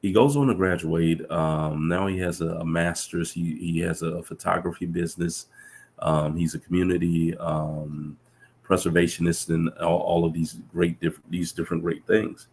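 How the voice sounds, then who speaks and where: A man who is a professor and guest recounts reflective stories casually and earnestly, with many restarts. His voice is deep and gravelly, darkish in tone, steady, and at normal speed.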